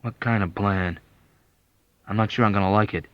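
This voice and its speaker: A man's voice: fairly low pitch, fairly even intonation, normal speed, no room sound, natural voice. A man reading an audiobook and voicing a wary young male army captain who talks bluntly. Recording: dull, dry lo-fi audiobook.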